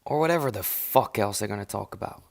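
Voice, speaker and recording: A man's voice: fairly low pitch, fast, creaky. A man ranting on a live stream in a casual, profane and dismissive way, rambling and restarting his sentences, talking into an earphone mic.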